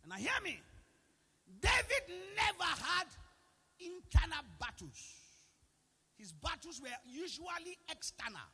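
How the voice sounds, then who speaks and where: A man with a Nigerian accent preaching a sermon in a church with a gallery, shouting in a sing-song way and asking the congregation whether they hear him. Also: extremely high pitch, creaky, long reverb tail.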